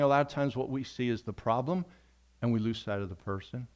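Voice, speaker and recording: Earnest male pastor preaching. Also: medium pitch. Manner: earnest, repeats phrases for emphasis; softens to a quiet, slow prayer. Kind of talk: sermon closing in prayer.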